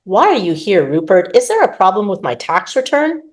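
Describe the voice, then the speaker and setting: A woman's voice: mid-range voice, sing-song, moderate pace, close to an everyday voice. A woman voicing a brusque male French wolf shifter in a read-aloud story, with curt, clipped replies. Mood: exasperated.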